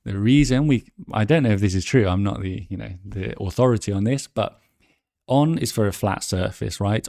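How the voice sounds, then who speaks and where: A low, gravelly male voice walks learners through exam answers in a chatty way, thinking aloud and correcting himself. The sound is dry and close. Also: normal speed, dark tone, no room sound. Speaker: English exam teacher.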